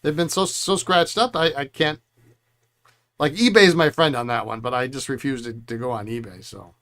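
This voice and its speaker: A man's voice: medium pitch, normal speed, fairly bright tone. A middle-aged man hosting a pen repair stream, rambling through stories and chuckling often. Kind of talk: casual chat while working.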